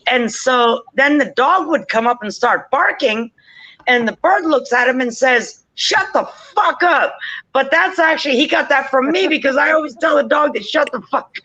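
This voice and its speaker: A woman's voice: high-pitched, moderate pace, a bit bright, dull audio. A woman telling a casual story, chatty and swearing freely, often laughing. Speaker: forum regular.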